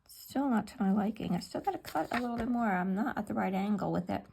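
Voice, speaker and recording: A woman's voice: medium pitch, fast talker, creaky, a little mellow, slight background noise. A middle-aged woman chatting casually and muttering to herself as she works on a paper craft at home. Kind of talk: casual talk while crafting.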